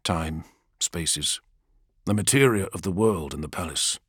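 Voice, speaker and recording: A man reading an audiobook, voicing a stern male warrior captain who speaks low, quiet and clipped. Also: measured pace, breathy edge, no room sound, clean studio sound, full character voice. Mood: grave. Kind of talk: audiobook character voice.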